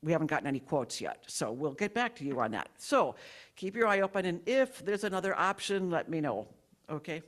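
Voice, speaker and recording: A woman's voice: sits low, sing-song, fairly quick. A woman giving friendly, rambling church announcements as board president, often stopping to correct herself.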